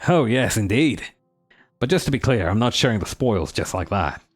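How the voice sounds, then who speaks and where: A man's voice: lowish voice, very animated, moderate pace, soft background music. A man voicing a boastful, cheerful male dwarf historian in a put-on Australian accent that drifts toward Cockney, with a jaunty, theatrical delivery.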